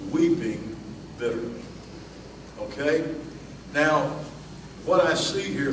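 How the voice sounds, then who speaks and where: A Southern-accented man preaching in a church, chatty and folksy, always reaching for asides and fillers. His voice sits a little high for a man. It comes from some distance off the mic in a roomy hall, with a faint hiss underneath. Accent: Southern US (Alabama). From Alabama, US. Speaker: pastor. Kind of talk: sermon.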